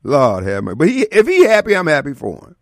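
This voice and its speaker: A man hosting a radio show, telling a comic story with an animated, exaggerated delivery and sudden outbursts. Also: fairly high pitch, fast talker, dry recording, clean studio sound. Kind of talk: comedic storytelling.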